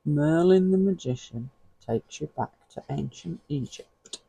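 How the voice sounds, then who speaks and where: A man's voice: on the high side, expressive, a little slow, vocal fry, mellow, husky, low-quality recording. A man, chatting casually to the viewer as he flips through an old magazine and chuckles often. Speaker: vlogger. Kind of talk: casual flip-through commentary.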